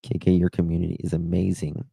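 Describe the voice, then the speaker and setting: A man's voice: deep voice, little pitch movement, quick pace, gravelly, dark tone, breathy edge, no room sound. A man with a Southern accent hosting a live stream, telling stories in a chatty, rambling way. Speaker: livestream host. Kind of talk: casual live-stream chat.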